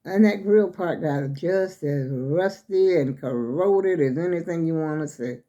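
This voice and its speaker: Older woman, mellow voice, chatty and rambling, slightly breathless. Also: low-pitched, a little slow, muffled recording. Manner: chatty and rambling, addresses viewers as y'all. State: a little out of breath. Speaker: vlogger showing her clothes. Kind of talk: casual chat to viewers.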